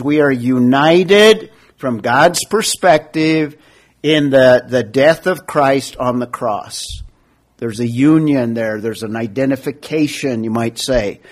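A man teaching a Bible study class, explaining scripture in a measured way with rhetorical questions and emphatic stress on key words. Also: medium pitch.

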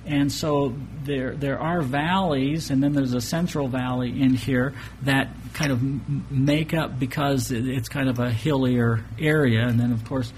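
A man's voice: medium pitch, steady tone, unhurried, hardly any pauses, a little hiss or hum. A man preaching an expository Bible lesson in a conversational way, often restarting phrases and asking the congregation rhetorical questions. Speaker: pastor. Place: church sanctuary with projected map.

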